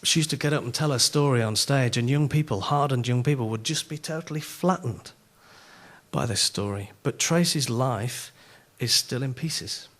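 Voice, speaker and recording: A middle-aged man with a Yorkshire accent preaches at a conference. He is an animated storyteller who pokes fun at himself, and his voice sits at an ordinary middle pitch. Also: normal speed. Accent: Yorkshire English. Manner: animated, self-mocking storyteller. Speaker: conference speaker. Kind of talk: sermon with humorous stories.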